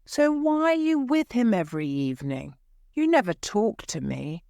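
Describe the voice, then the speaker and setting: A woman's voice: mid-range voice, big pitch swings, normal speed, gravelly, warm tone, no echo, studio quality, pitched above the performer's own voice. A woman voicing a jealous, mocking young husband who taunts his wife.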